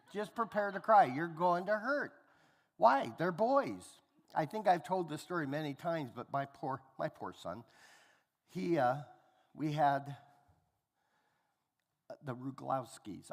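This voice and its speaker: A man's voice: mid-range voice, big-room sound. A man preaching a sermon, telling family stories and acting out the voices of the people in them. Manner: animated storyteller acting out family dialogue. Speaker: pastor. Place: church hall.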